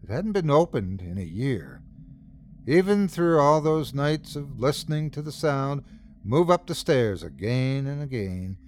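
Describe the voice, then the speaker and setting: A male horror storyteller reads in an unhurried, deliberate way, drawing each line out. His pitch rises and falls expressively as he builds dread and voices the creeping thumps of the tale himself. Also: slight background noise. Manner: dramatic, voicing repeated thumping sounds. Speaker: podcast host and narrator. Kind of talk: scripted horror story narration.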